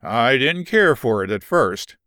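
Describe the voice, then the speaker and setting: A man's voice: medium pitch, sing-song, measured pace, pushed and bright, no echo, clean studio sound, voice pushed down. A man reading the part of a shy, earnest young boxer who speaks hesitantly.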